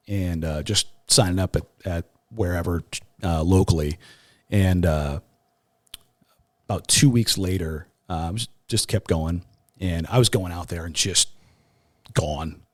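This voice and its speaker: A man with a fairly low voice tells his story as an interview guest, halting and raw, often restarting his sentences. When he quotes others, his voice jumps sharply upward. The sound is dry and close, with no room echo. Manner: voice jumps much higher when quoting others. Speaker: podcast guest, sports talk show host. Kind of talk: emotional personal testimony in an interview.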